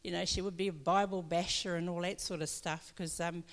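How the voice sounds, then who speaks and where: A woman's voice: fairly low pitch, fairly even intonation, brisk. A woman pastor gives a chatty personal testimony in church, often laughing as she tells her story. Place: church hall. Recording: long hall reverb.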